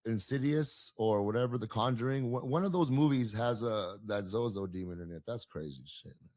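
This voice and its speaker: A man's voice: lowish voice, normal speed, darkish tone, dry recording, studio quality. A male podcast co-host reacting to a guest with loose, blunt remarks and casual swearing. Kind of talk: casual interview chat.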